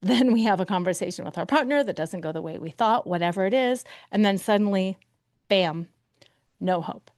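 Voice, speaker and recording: A woman hosting a solo podcast as a coach, talking animatedly, acting out inner voices with quick shifts and sometimes dropping to a soft whisper for emphasis. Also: mid-range voice, animated, no echo, studio quality. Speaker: podcast host and betrayal recovery coach.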